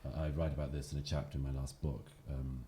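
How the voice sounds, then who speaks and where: A man's voice: very deep voice, little pitch movement, quick pace, dark tone, a little hiss or hum. A man giving wry, articulate, polemical remarks as a speaker on a debate panel.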